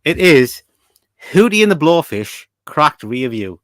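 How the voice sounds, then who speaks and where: A man's voice: a little high, sing-song, measured pace, a bit bright, no room sound. British guy hosting a chatty quiz podcast, teasing his mate, very dry close sound. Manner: chatty, teasing, reads listener comments aloud. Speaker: podcast host. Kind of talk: casual chat, quiz questions.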